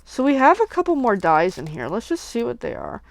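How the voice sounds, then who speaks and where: A woman crafter chatting casually while making cards, gushing with excitement and slipping into whispers over cute things. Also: a little high, fairly quick, vocal fry, dry recording. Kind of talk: casual crafting livestream chat.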